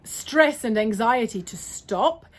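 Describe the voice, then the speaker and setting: A woman's voice: on the high side, lively intonation, takes it slowly. An Australian woman answering viewer questions in a casual, rambling way, often apologizing and correcting herself. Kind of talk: casual Q&A monologue.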